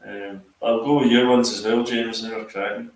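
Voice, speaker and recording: A man's voice: lowish voice, level tone, normal speed, reverberant. A man chatting casually on a podcast, hesitant and full of ums. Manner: hesitant, lots of ums and agreeing. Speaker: podcast co-host. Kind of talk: casual chat.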